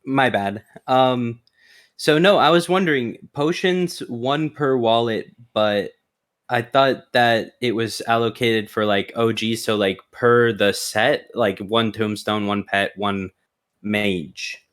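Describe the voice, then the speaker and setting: A man in a community voice chat asking the host a question in halting, hesitant phrases. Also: medium pitch, a bit bright. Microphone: online voice chat mic.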